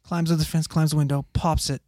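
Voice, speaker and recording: A man's voice: on the high side, brisk, no echo, clean studio sound. A young man who works as a paramedic, telling a wild work story in a casual, profanity-laced way and acting out the people in it. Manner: profane, animated, acts out the people in his story.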